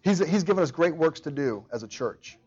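A man's voice: fairly high pitch, expressive, fairly quick, a little mellow, husky, dull audio. A man preaching a sermon as pastor, earnest, often repeating words and acting out quoted prayers.

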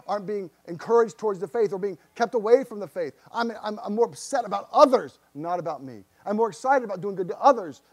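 A man preaching a sermon in church, his voice pitched high for a man. He speaks earnestly, often repeating words as he presses searching questions on his congregation. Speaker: pastor.

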